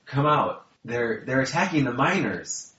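A man voicing a panicked male dwarf messenger who shouts in a shrill, high voice during a tabletop game. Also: very animated, a little slow, roomy sound, muffled recording.

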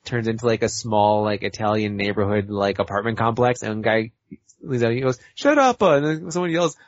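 A man's voice: fairly low pitch, fairly even intonation, brisk, dry recording. A man playing a tabletop role-play game, talking his plans through at length. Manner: talkative, thinks aloud and plans. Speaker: player. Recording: dull, lo-fi audio.

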